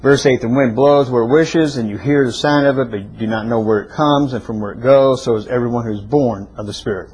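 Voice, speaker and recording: A man teaching a Bible class lecture, restarting and correcting himself often, then getting excited and rising sharply in pitch to stress his points. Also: fairly quick, hardly any pauses, slightly rough, rough recording.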